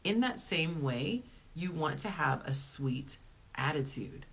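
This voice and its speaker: Husky-voiced woman giving chatty dating advice. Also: deep voice, lively intonation, slow. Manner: chatty and emphatic, with repeated phrases. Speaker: dating and relationship advice host. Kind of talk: casual advice talk to viewers, reading live comments.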